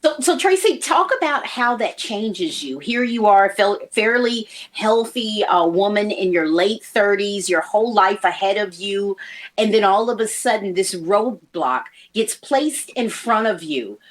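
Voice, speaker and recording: A woman's voice: medium pitch, animated, a little slow. Encouraging woman hosting an interview. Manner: warm, encouraging, probing questions. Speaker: host. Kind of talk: church livestream interview.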